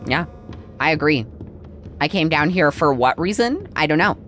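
Lively chatty woman gaming. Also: low-pitched, normal speed, a little hiss or hum. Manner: chatty, talks to the game, easily startled. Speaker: gaming channel host. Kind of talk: let's play commentary.

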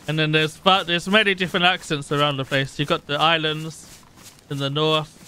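A man's voice: a little high, fairly even intonation, moderate pace, pushed and bright, a little hiss or hum, rough recording. A man streaming a game with friends, chatting and bantering casually. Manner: joking banter. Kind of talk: casual gaming chat.

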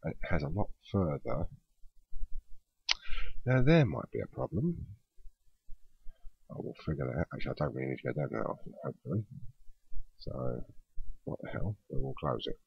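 A man with a very low, gravelly and husky voice talks through his building as a let's play host, his pitch rising and falling a lot. The recording is dry and slightly dull, like a cheap home microphone. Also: sing-song, moderate pace, long pauses, dry recording. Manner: chatty, thinking aloud while building. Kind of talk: casual game commentary.

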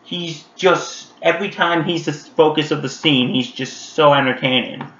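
A man reviewing an old animated holiday special in a casual vlog, chatty and animated with lots of fillers, talking straight to his viewers. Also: a little high, moderate pace. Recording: roomy, dull lo-fi sound.

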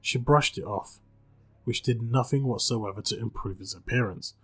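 A man narrates a spooky short story in a calm, measured way. His voice sits at an ordinary pitch with a husky texture. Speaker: storyteller and channel host.

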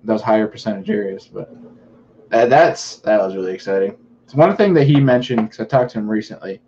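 Excitable man, slightly dull recording. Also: fairly low pitch, fairly quick, a little hiss or hum. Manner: excitable, retells stories with quoted lines. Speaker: podcast co-host. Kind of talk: casual fishing chat.

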